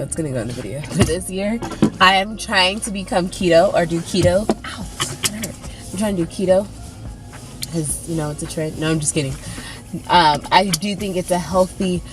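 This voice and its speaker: A woman's voice: lowish voice, a little fast. A young woman vlogging casually from her car into a phone camera, chatty and giggly, full of "um" and "like". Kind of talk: casual vlog chat. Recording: music playing clearly behind. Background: music.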